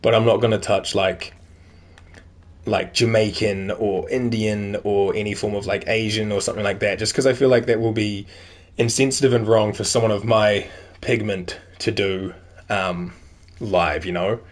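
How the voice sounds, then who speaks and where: A man's voice: lowish voice, fairly even intonation, normal speed. A man streaming a video game, chatting casually and reading in-game notes aloud, rambling with plenty of "like" and "um" fillers. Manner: rambling, heavy use of "like" and "um".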